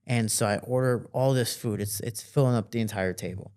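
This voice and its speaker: A young man, a fighter and podcast guest, telling a story in a casual, animated way and acting out the voices in his quotes. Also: on the low side, fairly quick, smooth.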